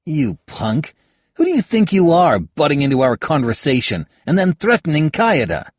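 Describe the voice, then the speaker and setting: A man's voice: high-pitched, wildly swooping pitch, slow, husky, no room sound, clean studio sound, pitched above the performer's own voice, full character voice. A man voicing a hotheaded young male soldier who talks back brashly. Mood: angry.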